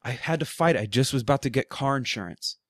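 A man's voice: mid-range voice, expressive, fast, fairly bright tone, dry recording, studio quality. Blunt, ranting man on a podcast. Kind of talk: casual podcast chat. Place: studio.

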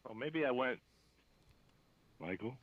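A man's voice: on the low side, big pitch swings, brisk, dry recording. Joking man interrupting on a podcast. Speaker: podcast panelist. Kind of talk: casual chat among friends. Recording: muffled lo-fi podcast audio.

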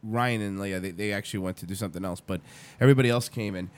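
A loud, brash man swearing freely in casual podcast banter. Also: on the low side, rapid-fire.

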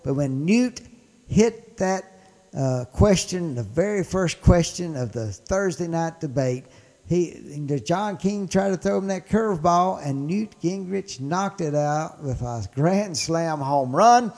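Speaking slowly in a slightly high, somewhat mellow voice with lively intonation, a Mississippi-accented host talks politics enthusiastically and emphatically. The audio has a big-room quality.

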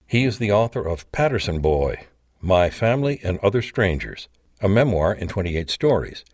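A man with a very deep voice reads a memoir in measured, scripted narration. The sound is close and dead dry, with no room at all. His delivery stays even and unhurried. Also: no room sound. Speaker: audiobook narrator.

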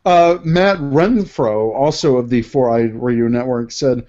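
A man co-hosting a podcast, reading listener comments slowly and chuckling between them. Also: medium pitch, dark tone, dull audio. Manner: slow, chuckling as he reads comments. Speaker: podcast co-host. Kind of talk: casual podcast chat.

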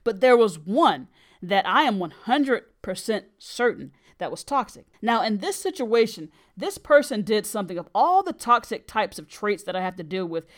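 A middle-aged woman hosting a podcast, telling a personal story in an earnest, emphatic way. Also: medium pitch. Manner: earnest and emphatic, with brief laughs.

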